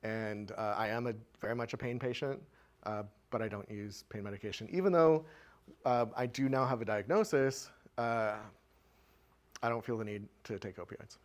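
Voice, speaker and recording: A man's voice: on the low side, moderate pace. A man presenting at a community show-and-tell, telling a candid personal story to a live audience in a conversational way with frequent filler words.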